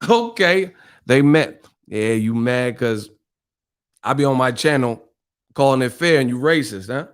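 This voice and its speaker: A man's voice: mid-range voice, unhurried, clean tone, dry recording, clean studio sound. A man hosting a live stream, ranting casually in a profane, exasperated way and laughing often. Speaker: streamer host.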